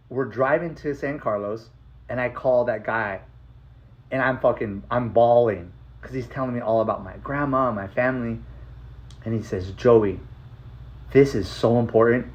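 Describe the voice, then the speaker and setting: A man casually telling a personal story, animated and profane, acting out the voices of the people in it. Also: medium pitch, moderate pace, lo-fi sound. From Apache reservation, US Southwest. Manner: animated, profane, acts out other people's lines.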